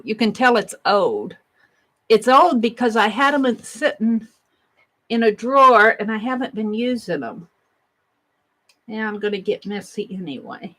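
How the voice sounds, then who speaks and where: A woman talks her way through an art journal page at her craft desk, unhurried and easygoing. She chats to viewers and herself, dropping into soft murmured asides as she works. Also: medium pitch, breathy edge, rough recording. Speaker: art journaling livestream host. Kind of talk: casual crafting narration.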